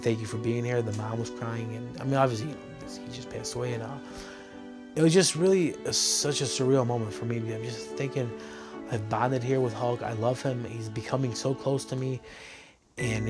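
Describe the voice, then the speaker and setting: Man recounting his story to camera. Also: mid-range voice. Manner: storytelling, retells dialogue, many fillers. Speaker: interviewee telling his story. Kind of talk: documentary interview.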